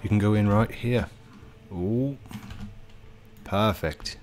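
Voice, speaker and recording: A man hosting a gaming video, commentating in an excitable, rushed and joking manner. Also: on the low side, soft background music. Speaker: gaming channel host. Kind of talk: game commentary.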